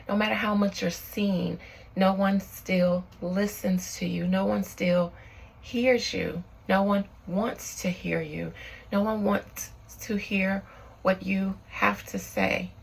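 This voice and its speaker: A woman working as a psychic medium, leading a spiritual channeling session with slow, solemn invocations and earnest, reflective commentary. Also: mid-range voice, flat delivery, creaky, slightly rough, low-quality recording.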